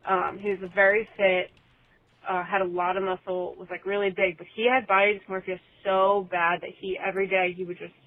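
A woman's voice: medium pitch, little pitch movement, a little fast. A woman from New Jersey leaving a casual voicemail from her phone while driving. She talks in a chatty, rambling way full of fillers. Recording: tinny voicemail line with faint road noise.

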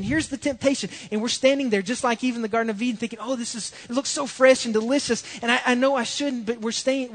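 Urgent high-voiced male pastor. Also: long reverb tail. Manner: urgent, repetitive, pleading. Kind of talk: sermon.

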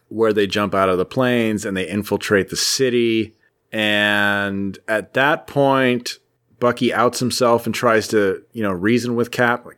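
A man's voice: mid-range voice, fairly bright tone, smooth. A man co-hosting a podcast, casually recapping a comic book in a jokey, rambling storytelling way. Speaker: podcast co-host.

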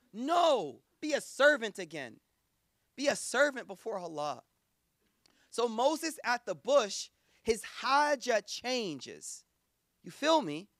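A man's voice: high-pitched, fairly bright tone, dry recording, clean studio sound. A man preaching in a casual, conversational way, acting out quoted voices. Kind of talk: sermon.

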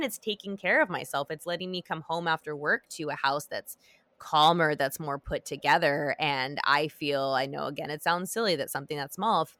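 A woman's voice: low-pitched, pushed and bright, no room sound. A woman hosting a podcast, chatting casually with lots of fillers and restarts. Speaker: podcast host. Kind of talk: casual chat.

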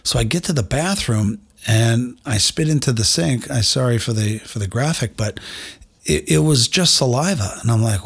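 A middle-aged man with a slightly husky, breathy voice, pitched in an ordinary middle range. He hosts a podcast and tells a personal story in a candid, self-deprecating way, often turning to speak straight to his listeners. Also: animated, normal speed. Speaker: podcast host.

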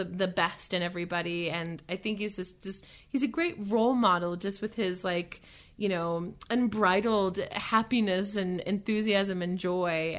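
A young woman chatting as an interview guest, talkative and cheerful, laughing often and using many fillers. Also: mid-range voice. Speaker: musician and voice actor guest. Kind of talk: casual interview chat.

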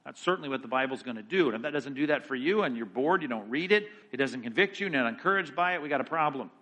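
A man, a pastor, teaching a Bible study in a lively sermon style, reading Scripture aloud with rising emphasis and tossing in quick asides. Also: mid-range voice.

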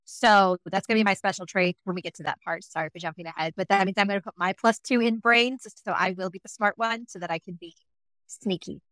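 A woman's voice: medium pitch, fast talker, a bit bright, dry recording. A woman playing in a tabletop game, chatting eagerly about her character choices. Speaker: player. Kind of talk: casual chat at a game table.

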